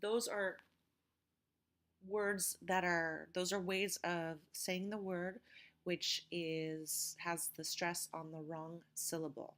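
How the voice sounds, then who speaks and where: Female instructor, lower register, clear deliberate pronunciation drills for a lecture. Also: flat delivery, fairly bright tone. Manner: slow, careful pronunciation drills. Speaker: teacher. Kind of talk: recorded vocabulary lecture.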